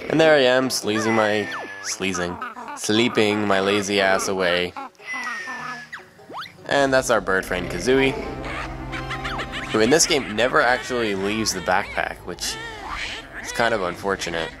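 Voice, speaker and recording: A young man with a deep, low voice rambles through a video game, joking and filling gaps with ums and uhs. Loud game music plays under his casual commentary. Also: a little slow, long pauses. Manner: rambling, joking, lots of fillers. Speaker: let's play commentator.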